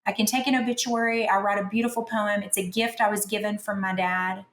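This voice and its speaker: Woman author, podcast guest, animated chatty storyteller, average pitch, echoey room. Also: a little fast, a little hiss or hum. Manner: chatty, animated, self-deprecating humor. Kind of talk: conversational storytelling.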